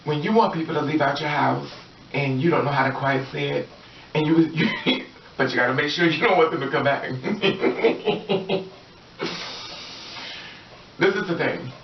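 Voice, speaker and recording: Speaking a little fast with some vocal fry, this female vlogger has a low voice and addresses the camera in a sassy, profane, casual monologue, often laughing and mimicking what others said. Her lo-fi recording sounds roomy, distant and dull, with slight background noise.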